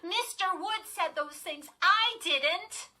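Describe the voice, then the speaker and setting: A woman's voice: extremely high pitch, slow, sharp tone, voice pushed up, exaggerated voice. A woman voicing a frightened, tearful twelve-year-old girl in a storybook reading, her speech trembling and pleading.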